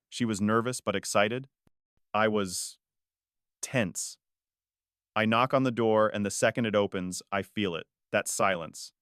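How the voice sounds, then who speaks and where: A man reading a first-person family story aloud in a measured, dramatic way. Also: on the low side, fairly bright tone, dry recording, clean studio sound. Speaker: story narrator. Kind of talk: scripted narration.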